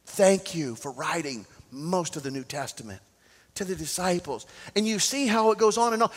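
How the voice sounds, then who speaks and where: A man preaching a sermon as pastor, swinging from loud to soft. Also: sits high, lively intonation, moderate pace, in a large hall.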